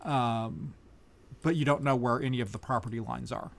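A man's voice: medium pitch, normal speed, creaky. A man running a tabletop game as game master, narrating easily and thinking aloud. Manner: easygoing, thinks aloud with fillers.

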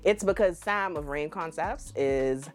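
A woman's voice: low-pitched, a little slow, soft background music. A woman with a Bahamian accent hosting a casual podcast chat, teasing and playful with her friends. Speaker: podcast host.

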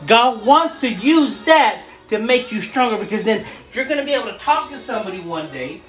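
Earnest woman preaching with soft music. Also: a little high, expressive. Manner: earnest, repeats phrases, slows down for scripture. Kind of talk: sermon.

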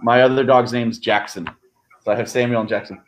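Man, video-call guest, excitable, joking, rambling, average pitch. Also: brisk, a little hiss or hum. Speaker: drop-in guest. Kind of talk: casual video-call chat.

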